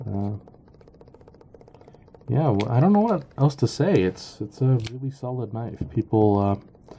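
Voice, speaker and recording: A man giving a casual product review, halting and full of ums and uhs. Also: lowish voice, dark tone, slight background noise. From Canada. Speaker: knife reviewer.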